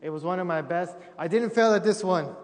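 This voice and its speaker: A young man with a fairly high voice tells funny stories of his mission work to a church crowd. He acts out the voices in his stories. His voice rings with the long echo of a big church hall. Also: fairly quick. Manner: humorous storytelling, acting out quotes. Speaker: missionary speaker. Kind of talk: testimony talk to a congregation. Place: church sanctuary.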